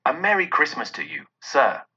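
Man doing a giddy old reformed miser, husky, eager, bright-edged tone, dull lo-fi sound. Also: medium pitch, normal speed, exaggerated voice. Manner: eager, excited. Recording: dull lo-fi recording.

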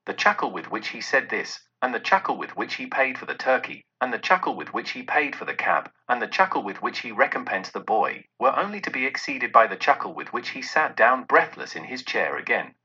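Man reading a classic story aloud, husky, bright, lively pitch, dull lo-fi sound. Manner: expressive, animated. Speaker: narrator. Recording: dull lo-fi recording.

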